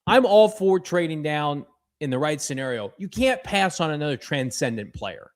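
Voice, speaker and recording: A man's voice: on the high side, animated, moderate pace. A man co-hosting a casual sports podcast, talking energetically and reading fan messages aloud. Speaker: podcast co-host.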